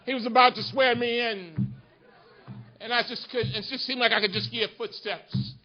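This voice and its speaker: A man's voice: very high voice, fairly even intonation, moderate pace. A man giving an impassioned speech to a union audience with an emphatic oratorical cadence, repeating lines for effect. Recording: muffled lo-fi recording.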